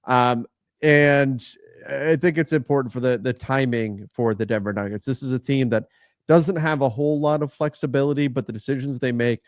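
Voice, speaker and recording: A man co-hosting a casual sports talk show, laying out his points in a measured way. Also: mid-range voice, dry recording, studio quality. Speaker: co-host.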